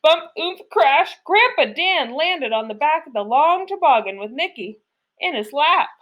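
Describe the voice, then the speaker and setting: A woman reading a children's picture book aloud in an expressive, storytelling way. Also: high-pitched, unhurried, muffled recording. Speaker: storybook reader.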